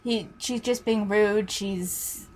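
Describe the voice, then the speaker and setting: A woman's voice: mid-range voice, fairly even intonation, slow. A woman teacher telling a story in a casual, chatty way, swearing freely.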